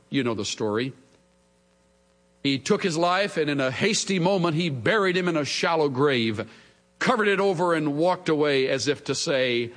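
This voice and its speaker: Male preacher, sermon in a large hall with long reverb, animated and emphatic. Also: a little high. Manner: expressive preaching, dramatic pauses and emphasis.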